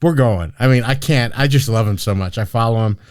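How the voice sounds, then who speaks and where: A man's voice: medium pitch, brisk, darkish tone, no echo, studio quality. A man hosting a casual podcast, joking and cursing as he tells everyday stories. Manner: joking, profane, storytelling with laughs. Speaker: podcast host.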